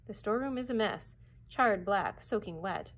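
A weary storybook father, dry and exasperated, flat and matter-of-fact, voiced by a woman reading aloud. His tone is slightly husky. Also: medium pitch, moderate pace.

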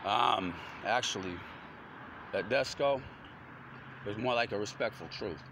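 A man's voice: on the low side, measured pace, creaky. A grown man talking in a rambling, slangy stream of consciousness, full of rhyming wordplay. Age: adult. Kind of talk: rambling freestyle monologue. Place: outdoors on a front porch at night. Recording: noisy outdoor recording with traffic.

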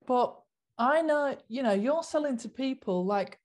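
A woman's voice: sits high, expressive, unhurried, a little mellow. A woman vlogger giving an impassioned, casual monologue, earnest and repetitive, full of rhetorical questions.

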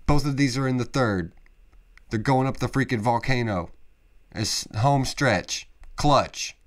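A man hosting a podcast, talking casually and excitably, with lots of emphatic interjections. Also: mid-range voice, measured pace. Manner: excitable, emphatic, peppered with "freaking" and "dude". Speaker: podcast host. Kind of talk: casual solo podcast monologue.

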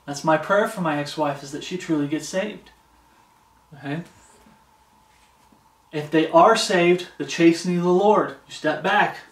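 A male preacher with a fairly high voice gives an informal, earnest sermon, repeating phrases for emphasis and stopping to read scripture. He stands some way from the mic, and the room answers with a noticeable echo. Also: unhurried, long pauses. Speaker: pastor. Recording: echoey room, distant mic.

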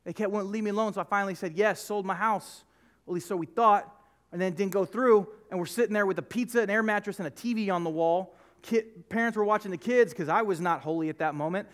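In a church sanctuary, an American pastor preaches a sermon in a high, fast voice. He tells personal stories in a conversational, emphatic way, repeating himself a lot.

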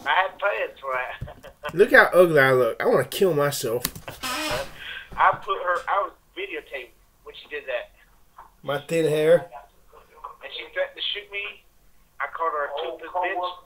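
A man's voice: a little high, moderate pace, long pauses, bright, forceful tone, low-quality recording. A man vlogging in a crude, rambling, profane rant with angry, taunting outbursts and frequent restarts.

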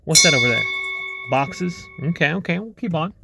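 A man vlogging outdoors while dumpster diving, chatty and excitable, thinking aloud to the camera. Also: on the high side, normal speed, gravelly, over music. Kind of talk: casual vlog narration while dumpster diving. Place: outdoors by apartment complex dumpsters.

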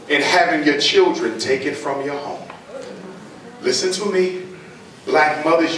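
A man's voice: high-pitched, fairly bright tone. A man giving a fiery public lecture, speaking in a blunt, mocking, preacher-like way. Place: lecture hall with audience. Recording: echoey hall, distant mic, audience.

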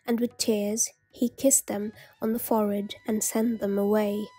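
Female storyteller reading a fable aloud, very slow, mellow husky voice, fairly high. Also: little pitch movement. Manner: slow, gentle read-aloud. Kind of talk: storybook narration.

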